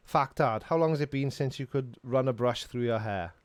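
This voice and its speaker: A man's voice: mid-range voice, a little slow, clear, resonant tone, no room sound. A middle-aged Welsh man hosting a casual live stream, rambling and joking while answering chat questions from his home studio. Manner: rambling and jokey, laughs often.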